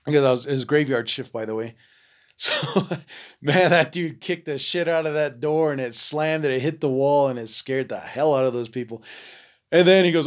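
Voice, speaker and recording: A man's voice: medium pitch, fairly quick. A man hosting a podcast, telling a story in a rambling casual way with many fillers, swear words and acted-out quotes. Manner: acts out quoted voices in lively bursts. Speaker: podcast host.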